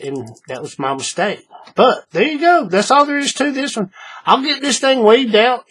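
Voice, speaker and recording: A man's voice: sits high, fairly bright tone, breathy edge. A man hosting a hands-on craft tutorial, chatting in a folksy way to his viewers while he works. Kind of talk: casual hands-on craft demonstration.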